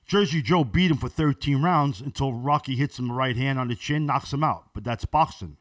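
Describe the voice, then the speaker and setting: A man's voice: medium pitch, brisk, no room sound, studio quality. A man who is a podcast guest, telling stories in casual chat in a blunt, profane way.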